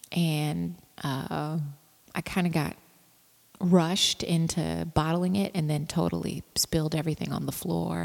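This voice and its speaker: A woman's voice: low voice, creaky, darkish tone, big-room sound. A woman rambling casually about her home brewing, with lots of fillers and restarts. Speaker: home brewer. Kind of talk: casual vlog chat.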